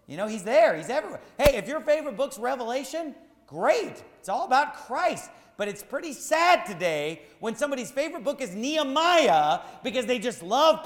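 A man's voice: very high voice, sing-song, normal speed, few pauses. Fiery preaching man in an echoey hall. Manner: emphatic preaching, rising to shouts. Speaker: pastor. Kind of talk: sermon.

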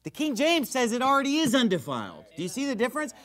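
Fiery, high-pitched preacher man. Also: wildly swooping pitch, fast talker. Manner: fiery, emphatic preaching with sharp swings in loudness. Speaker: pastor. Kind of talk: sermon.

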